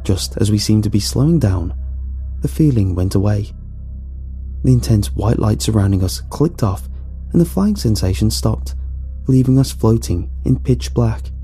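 A man narrating a first-person horror story in a measured, dramatic storytelling manner, with a husky voice. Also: fairly low pitch, mellow. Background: faint background music.

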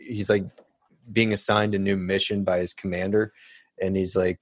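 Low-voiced man chatting about old movies. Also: moderate pace, dry recording. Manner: rambling, restarts, animated storytelling. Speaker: podcast co-host. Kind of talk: casual chat.

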